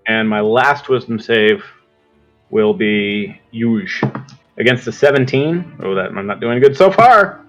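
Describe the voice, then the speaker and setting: A man's voice: fairly low pitch, expressive, unhurried, fairly bright tone, soft background music. A man running a tabletop game as game master, thinking aloud while he checks the rules.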